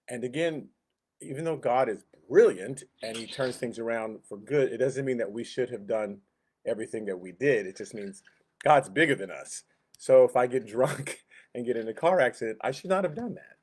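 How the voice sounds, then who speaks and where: Guy teaching sunday school, chatty, chuckles a lot, middle pitch. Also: a little mellow, husky. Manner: conversational, chuckles often, acts out quoted lines. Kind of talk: casual Bible teaching.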